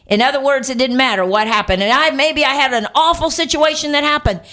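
A woman's voice: high-pitched, a little fast, bright, forceful tone. A woman preaching a sermon in an earnest, conversational way, stretching out words for emphasis as she reads scripture.

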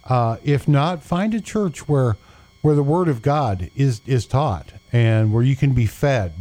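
A man co-hosting a Christian radio show as a pastor, giving unhurried, fatherly advice with frequent pauses and fillers. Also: medium pitch, mellow, no echo. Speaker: pastor and co-host. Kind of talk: casual Christian radio talk.

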